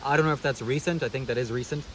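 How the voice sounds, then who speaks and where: A man's voice: mid-range voice, very fast, a little hiss or hum, low-quality recording. A man vlogging a casual commentary monologue, sarcastic and preachy, who keeps calling the viewer "buddy" and checking "okay?".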